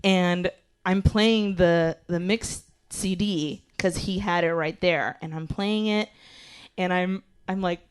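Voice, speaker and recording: A woman telling a comedic personal story as a guest at a live show, animated and profane, laughing as she goes. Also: on the low side, slow pace, clear, resonant tone.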